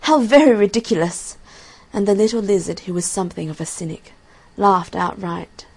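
A woman narrating a fairy tale in a soft, measured storybook reading. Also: lowish voice, fairly even intonation, gravelly, slightly rough. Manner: soft, measured narration, quieter than the dialogue.

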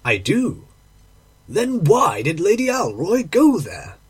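A male audiobook reader delivering a classic tale with dramatic, emotional expression. His voice is strongly husky and breathy and sits a little high for a man. His pitch swings widely as he tells the story. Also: wildly swooping pitch, slow.

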